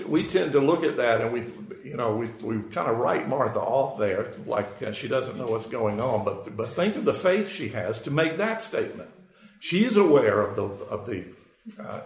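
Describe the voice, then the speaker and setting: A male preacher delivering a sermon, taking his time to explain and leaning on small fillers as he thinks aloud. His voice has a gravelly fry at a middle pitch. The sound carries the echo of a church sanctuary. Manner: explanatory, unhurried, with frequent fillers. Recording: echoey room.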